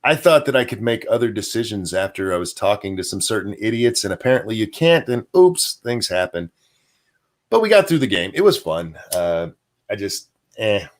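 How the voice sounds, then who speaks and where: A man's voice: lowish voice, sing-song, moderate pace. A man hosting a casual livestream show, rambling through viewer chat with plenty of fillers and chuckles. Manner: answers viewer chat and donations aloud.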